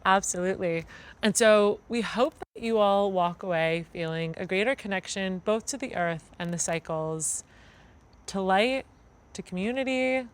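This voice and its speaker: Casting: woman with an American accent, relaxed co-host voice, easygoing and conversational, plenty of "like" and "um". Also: medium pitch, moderate pace. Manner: conversational, with fillers like "like" and "um". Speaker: event co-host. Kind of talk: casual spoken presentation to a gathering.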